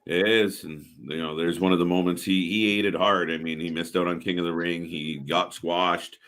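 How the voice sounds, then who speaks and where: Man from canada, deep voice, bright edge, rambling casual chat. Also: steady tone, normal speed. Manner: laughing, rambling, nostalgic. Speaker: watch party co-host.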